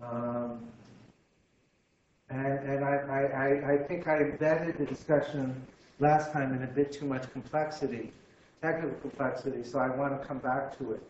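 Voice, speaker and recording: Male lecturer, halting and repetitive, dull and roomy recording. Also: medium pitch, flat delivery, darkish tone. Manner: halting, repeats words, thinks aloud. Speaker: physics lecturer. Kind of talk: university lecture. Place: lecture room. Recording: echoey room, slightly dull sound.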